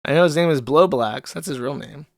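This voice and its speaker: A man's voice: on the high side, gravelly, dry recording, studio quality. A man hosting a livestream in a casual chat style, reading out donation messages in an offhand, sardonic way. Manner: offhand and sardonic, with quick laughs. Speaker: host.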